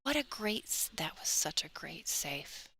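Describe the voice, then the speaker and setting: A woman's voice: on the low side, big pitch swings, a little slow, bright, forceful tone, husky. A woman commentating a live pool tournament stream in a chatty, casual way, laughing easily and plugging the stream. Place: tournament venue.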